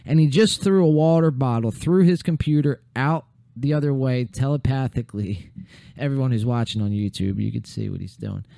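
A young man hosts a loose podcast chat, rambling and swearing with plenty of fillers. His voice is wearing thin and hoarse. He sounds close and dry, with no room around him. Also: medium pitch, normal speed, warm tone, no echo. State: losing his voice. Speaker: podcast host.

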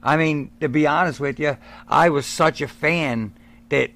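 A man's voice: a little high, unhurried. A man telling stories in a casual interview about his early days as a wrestler, acting out what others said. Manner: animated storyteller, acts out quotes. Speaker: guest, former wrestler.

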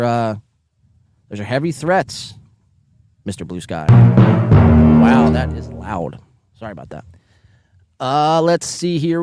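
A man with a Northeastern American accent hosting a live podcast, casually reading chat messages aloud, joking and swearing, with sudden loud bursts. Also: medium pitch, no room sound, studio quality. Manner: profane, joking, animated bursts. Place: home, near neighbors.

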